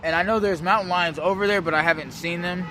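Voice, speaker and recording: A man's voice: high voice, steady tone, fast talker, background noise. A man from West Oakland vlogging outdoors, rambling loosely with profane street slang. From West Oakland, California. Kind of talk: rambling casual monologue.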